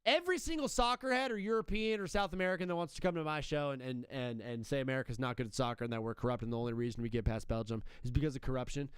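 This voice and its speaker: A man's voice: mid-range voice, rapid-fire, hardly any pauses, clean tone, dry recording. A young man hosting a live sports stream, talking in a brash, joking, fired-up patriotic banter. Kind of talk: casual live-stream chat.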